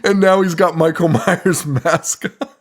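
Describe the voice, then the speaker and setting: A man's voice: on the high side, a little slow. Laughing, swearing podcast guy recapping a film. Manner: profane, laughing, incredulous recapping. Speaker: podcast co-host. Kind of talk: casual movie review chat.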